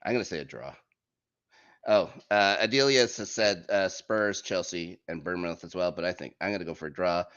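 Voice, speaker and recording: Lively male podcast host, low voice, casual jokey delivery, muffled recording. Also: fairly quick, clear, resonant tone. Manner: lively, jokey, reads out fixtures. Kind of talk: casual sports chat. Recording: muffled lo-fi audio.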